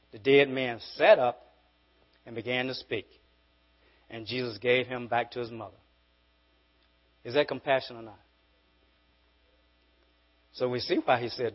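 A man preaching a sermon as pastor, emphatic and repetitive, swinging from forceful peaks to quiet asides. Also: fairly high pitch, a little slow, pauses often, muffled recording. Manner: repeats words when building a point.

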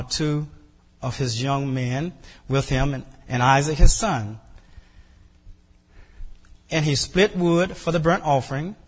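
High-voiced preacher man in a reverberant hall. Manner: preaching with rising emphatic bursts and repeated phrases. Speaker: pastor. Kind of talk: sermon.

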